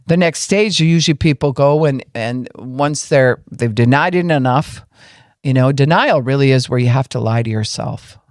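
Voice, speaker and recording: A man's voice: medium pitch, normal speed, no room sound, studio quality. A man giving an earnest teaching talk on a podcast, explaining emotions step by step and acting out people's inner voices. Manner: acts out people's inner voices in quoted lines. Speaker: podcast speaker on grief and emotions.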